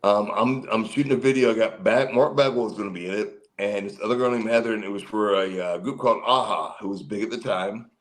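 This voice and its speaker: A man's voice: lowish voice, brisk, few pauses, low-quality recording. A man in his fifties, a former pro wrestler, telling stories as a guest in an interview. He rambles with fillers and restarts, and acts out the people he quotes in a livelier voice. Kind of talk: casual storytelling in an interview.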